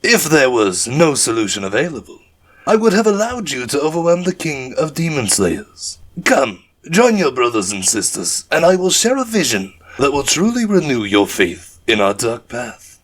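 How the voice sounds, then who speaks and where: A male narrator voicing a mischievous, grinning male demon prophet who taunts in slow, drawn-out questions, for an audiobook. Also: mid-range voice, very animated, a bit bright. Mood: reassuring.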